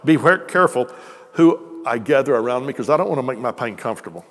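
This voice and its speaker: A man's voice: medium pitch, lively intonation, fast. Preacher man in a reverberant hall. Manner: conversational, joking with the congregation. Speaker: pastor. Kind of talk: sermon. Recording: long reverb of a church hall.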